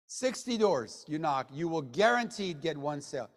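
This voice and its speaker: A man giving a motivational sales training talk to a room of people, joking, and swinging between low mutters and loud bursts. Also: sing-song, moderate pace, hardly any pauses. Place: meeting room with an audience. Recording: long hall reverb.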